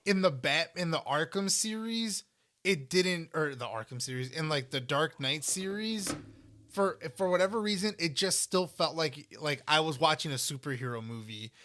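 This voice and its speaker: A man's voice: fairly high pitch, animated, normal speed, bright, forceful tone. A man co-hosting a podcast in casual chat, rambling with many fillers and swearing for emphasis. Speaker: podcast co-host.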